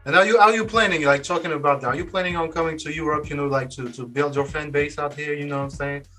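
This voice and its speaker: Bright-voiced slangy interview host. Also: male voice, fairly high pitch, fast. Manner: relaxed, slangy, short agreeing replies. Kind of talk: casual interview chat.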